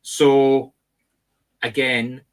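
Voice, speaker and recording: A middle-aged man with a Scottish accent talks in a casual discussion. His pitch sits in the middle of the range. He explains things in the emphatic, instructive way of a teacher. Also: flat delivery, drawn-out words. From Scotland. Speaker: medium and co-host. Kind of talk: casual panel chat.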